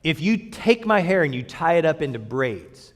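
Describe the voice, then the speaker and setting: A man's voice: on the high side, big pitch swings, moderate pace, long reverb tail. A preacher voicing a sheepish strongman who hems and gives in.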